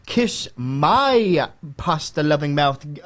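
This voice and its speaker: A man's voice: fairly high pitch, sing-song, slow, a bit bright, full character voice. A man playing a bored teenage boy ghost in a comedy sketch, sarcastic and exasperated, stumbling over his words with ums and restarts. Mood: deadpan bored. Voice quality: hesitant, full of ums and restarts. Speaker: interview guest in a comedy sketch. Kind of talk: comedic improvised interview.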